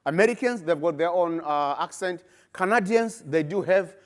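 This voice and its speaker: A middle-aged man with a Zimbabwean accent gives a conference research talk, emphatic and animated, his voice rising in bursts as he makes his points. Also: high voice, normal speed. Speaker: research presenter.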